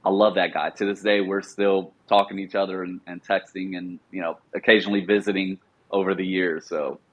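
A middle-aged man, a former Marine, telling relaxed stories as a podcast guest and acting out quoted dialogue. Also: deep voice, fairly quick, muffled recording. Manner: relaxed anecdotal, often acts out quoted dialogue. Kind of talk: casual storytelling.

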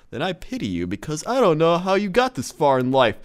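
A man reads an angry email aloud in a high, very lively voice that swoops up and down. His delivery is exaggerated and theatrical. He softens the curses into "effing" and breaks into chuckles. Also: a little fast, few pauses. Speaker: reader of a viral email. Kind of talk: dramatic comedic reading aloud.

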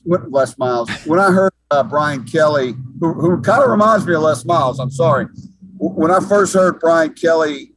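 A man's voice: fairly high pitch, dry recording, low-quality recording. A man giving sports talk commentary as an analyst, emphatic and often repeating words as he thinks.

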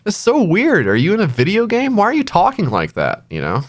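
A man's voice: sits high, wildly swooping pitch, fairly quick, dry recording. A man co-hosting a casual movie review podcast, sarcastic and jokey, slipping into silly voices to mock lines. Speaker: podcast co-host.

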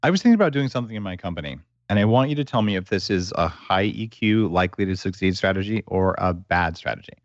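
Man, podcast host, deep voice, probing casual questions, lo-fi audio. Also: expressive, quick pace, few pauses, no echo. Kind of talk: casual interview chat.

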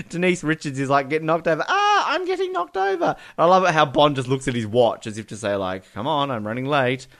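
A man's voice: mid-range voice, fairly bright tone. A man talks through a film scene by scene in casual podcast chat. He laughs a lot and acts out the characters' lines.

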